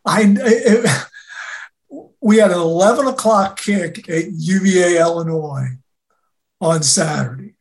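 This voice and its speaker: A college football co-host talking in a deliberate, halting way, often repeating words as they start. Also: mid-range voice, creaky. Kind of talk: casual sports talk.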